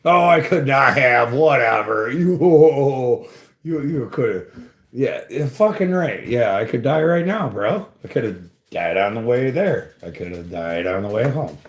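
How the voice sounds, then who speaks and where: A man's voice: mid-range voice, lively intonation, unhurried. A man chatting casually, telling a rambling story full of swearing and "bro" and "dude" as he talks to a live chat about tree climbing. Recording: echoey room.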